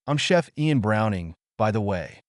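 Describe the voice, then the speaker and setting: A harried chef, brisk and polite with customers, as a man reading the audiobook puts him on. The voice rides low with a lively lilt. The sound is close and dry. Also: no echo. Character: British chef, adult man, harried father.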